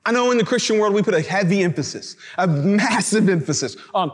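A man's voice: sits high, animated, quick pace, hardly any pauses. A male preacher giving a sermon in a casual, conversational way, with slang asides. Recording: reverberant hall.

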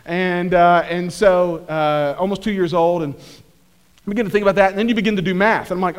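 A man's voice: sits high, brisk, clean tone. A man in his thirties, a pastor preaching a conversational sermon to a church, full of restarts and acted asides. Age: 30s. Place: church hall.

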